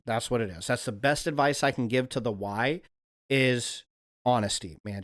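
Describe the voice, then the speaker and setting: A man hosting a livestream, talking in a loose, rambling, profane monologue. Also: medium pitch. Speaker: livestream host.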